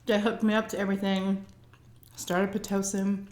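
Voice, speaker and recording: A woman's voice: medium pitch, little pitch movement, normal speed, a little mellow. A woman vlogger telling a story to camera in a chatty, dramatic way, acting out what people said. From Texas. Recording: roomy echo.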